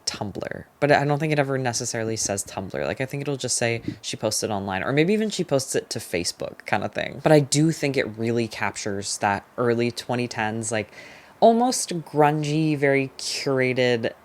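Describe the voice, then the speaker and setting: In a casual book review vlog, a young adult speaks at medium pitch with lively intonation. They're chatty and opinionated, filling speech with "like" and giving quick, emphatic verdicts.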